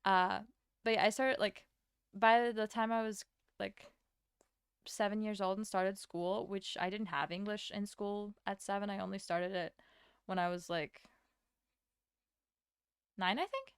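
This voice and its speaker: A young woman from Latvia, a streamer chatting casually with her chat while she draws, rambling and answering with quick laughs. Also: mid-range voice, steady tone, smooth, dry recording, studio quality. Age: young adult.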